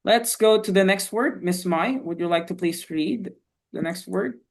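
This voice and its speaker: A teacher runs an online English class over a video call, with a voice at a middling pitch. The manner is patient and encouraging, full of quick praise as students answer. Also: creaky. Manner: encouraging, repeats "okay, very good".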